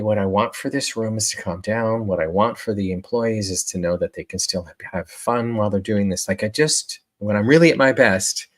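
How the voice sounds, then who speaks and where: A man coaching in a relaxed motivational talk, reflective, with many fillers and restarts. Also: fairly low pitch.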